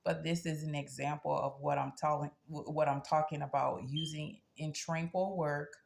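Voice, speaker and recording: A woman's voice: low voice, steady tone, normal speed, vocal fry. A woman hosting her own channel, talking casually and bluntly to camera, ending nearly every sentence with "okay?". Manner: earnest and blunt, telling a personal story. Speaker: spiritual practitioner and channel host.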